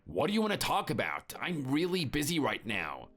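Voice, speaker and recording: A man's voice: medium pitch, wildly swooping pitch, moderate pace, fairly bright tone, faint music behind. A man playing a busy, impatient husband. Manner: impatient and brushing off. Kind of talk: animated story voice acting.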